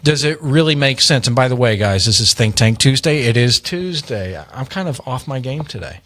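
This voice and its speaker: A man's voice: medium pitch, expressive, moderate pace, fairly bright tone, dry recording. Chatty man, close dry mic. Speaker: co-host. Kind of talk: casual business talk show. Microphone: close studio microphone.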